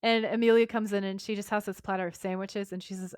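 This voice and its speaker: A woman's voice: medium pitch, steady tone, fast, hardly any pauses, darkish tone, smooth, no echo, studio quality. A woman co-hosting a podcast, animatedly retelling a TV episode in casual chat and swearing freely. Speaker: podcast co-host.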